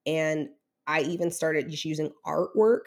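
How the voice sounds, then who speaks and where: A woman's voice: sits low, steady tone, unhurried, darkish tone. A woman in her thirties, an interview guest telling a candid, emotional personal story with many fillers.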